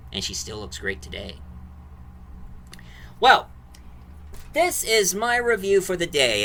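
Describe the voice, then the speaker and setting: Rambling man with a sharp bright voice. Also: a little high, a little hiss or hum. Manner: rambling plot recap, restarts and fillers. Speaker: movie reviewer. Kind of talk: casual video review.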